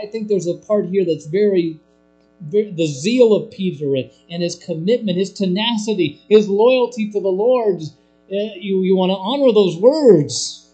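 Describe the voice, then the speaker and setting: A man preaching a sermon, swinging between hushed, low lines and loud, emphatic ones. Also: expressive, measured pace, faint music behind, rough recording.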